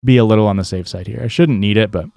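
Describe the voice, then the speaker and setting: A man's voice: fairly low pitch, very fast, vocal fry, warm tone, dry recording, clean studio sound. A young man with a Midwestern accent casually talking through a game stream, rambling with lots of fillers and restarts. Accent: Midwestern American. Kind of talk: casual gameplay commentary.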